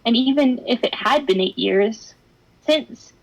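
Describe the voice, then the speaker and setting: A woman's voice: a little high, unhurried, vocal fry, low-quality recording. A young woman streamer reading fan fiction aloud with drama, breaking into laughs and wry side comments. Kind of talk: expressive narration with laughing asides.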